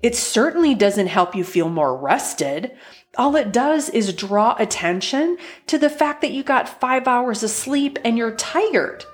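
A woman hosts her own podcast as a life coach, speaking at a slow, unhurried pace. Her manner is chatty and encouraging. She often slips into little acted-out versions of listeners' everyday complaints. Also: fairly high pitch, animated. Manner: chatty, encouraging, acts out quoted thoughts. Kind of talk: solo podcast talk.

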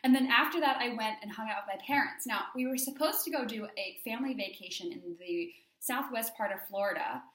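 A young woman business coach hosts her solo podcast in a gushing, chatty way, full of "like" fillers. Her voice sits a little high. The room around her is echoey. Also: a little fast, few pauses, fairly bright tone. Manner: bubbly, gushing, lots of "like" fillers. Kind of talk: casual solo podcast chat.

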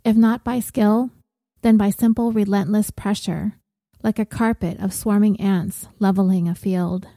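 A woman reads a novel aloud in a measured, gentle way. Her tone is deeply dark and mellow, and the recording is dry and close, with no room around her. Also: steady tone, dry recording. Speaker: audiobook narrator. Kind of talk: scripted narration.

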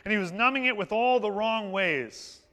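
A man's voice: sits high, normal speed, pushed and bright. A male pastor telling a story in his sermon in a conversational, anecdotal way, with touches of humor. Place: church sanctuary. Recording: long hall reverb in a church.

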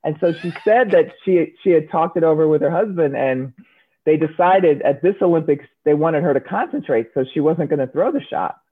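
A woman's voice: deep voice, normal speed, breathy edge. A woman, a former Olympic shot putter, telling stories in an interview and acting out the voices of the people in them. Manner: animated storyteller, acts out quoted voices. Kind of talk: storytelling interview answers. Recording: narrow phone-like sound.

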